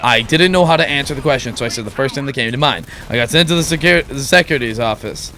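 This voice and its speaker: A man voicing a sheepish teenage boy who mumbles in a low, hesitant voice. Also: fast, bright, forceful tone, lightly acted.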